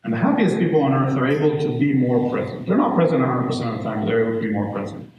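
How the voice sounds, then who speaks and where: A man's voice: medium pitch, quick pace. A man giving a conversational parenting talk to a live audience, telling stories and checking in with listeners. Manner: conversational, animated storytelling with audience check-ins. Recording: echoey room, distant mic, faint noise.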